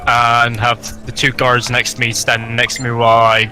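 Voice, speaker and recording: A man's voice: medium pitch, monotone, moderate pace, pushed and bright, soft background music, low-quality recording. A man playing a tabletop game, casual, crude and laid-back, swearing freely. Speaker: player.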